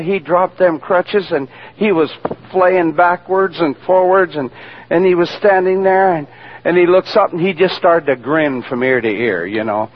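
A man giving a spoken testimony in a preacher's storytelling manner, acting out the voices of the people he quotes. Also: fairly high pitch. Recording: dull lo-fi radio recording.

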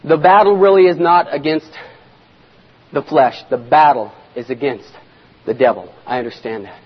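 A man preaching a sermon in a dramatic manner, swinging between loud shouts and near-whispers. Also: fairly high pitch, lively intonation, normal speed, slightly rough. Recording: echoey hall, dull lo-fi sound.

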